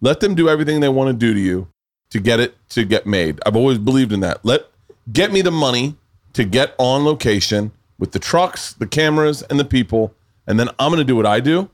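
A man hosting a podcast in casual chat, rambling and swearing with quick restarts. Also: mid-range voice, expressive. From Southern United States. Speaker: podcast host.

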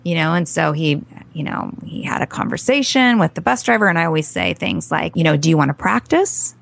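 A woman's voice: sits low, expressive, brisk, creaky, fairly bright tone, a little hiss or hum. A woman parent coach talking earnestly in a podcast interview, telling stories with acted-out quotes.

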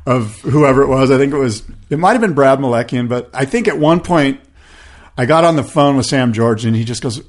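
A man in his fifties spins a long anecdote on a podcast, casual and loose. He acts out the other people's voices as he goes and leans on fillers like "like" and "you know." His pitch sits in the middle of the male range. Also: brisk. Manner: animated, acts out quoted voices, many fillers. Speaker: podcast host. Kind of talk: casual storytelling chat.

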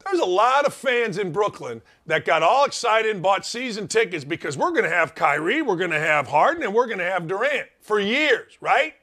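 A man's voice: high-pitched, big pitch swings, moderate pace, few pauses, sharp tone. A middle-aged man hosting a sports talk show, delivering an emphatic, opinionated monologue full of rhetorical questions.

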